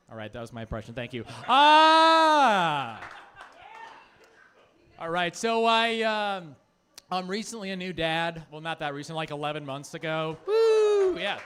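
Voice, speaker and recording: A man in his thirties from Phoenix, Arizona, talking through a stand-up set in a rambling, chatty way. His voice sits high for a man and swings widely in pitch. He leans on filler words as he goes. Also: sing-song, measured pace, a bit bright, smooth. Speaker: stand-up comedian.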